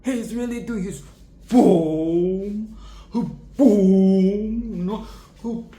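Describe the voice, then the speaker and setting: A woman's voice: medium pitch, drawn-out words, warm tone, roomy sound, voice pushed up. A woman voicing a stunned, flustered male snow leopard villain in disbelief. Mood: disbelieving.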